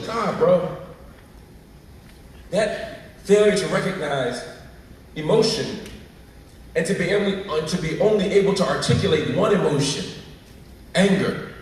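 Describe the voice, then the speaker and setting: A man giving an animated public speech to a live audience, emphatic and preacher-like with slang asides, heard in a livestream. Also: fairly high pitch. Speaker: keynote speaker. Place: large lecture hall at an event. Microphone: live stream filmed from the audience. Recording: echoey hall, from far off, livestream.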